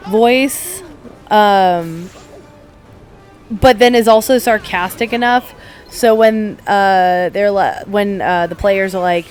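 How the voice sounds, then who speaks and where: Over soft background music, a woman speaks slowly in a mid-range, somewhat mellow voice. As a gaming podcast co-host, she chats casually during a playthrough, acting out quotes as she retells stories.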